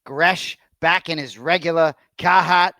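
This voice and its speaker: A man with a Boston accent co-hosting a sports podcast, trading quick upbeat banter. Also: fairly high pitch, pushed and bright, no room sound. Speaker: sports podcast co-host and fight commentator. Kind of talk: casual podcast chat.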